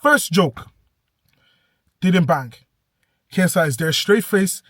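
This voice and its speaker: A young man telling an animated, breathless story in a vlog rant, bursting into shouts now and then. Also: high voice, slow pace, no room sound, studio quality. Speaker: vlogger.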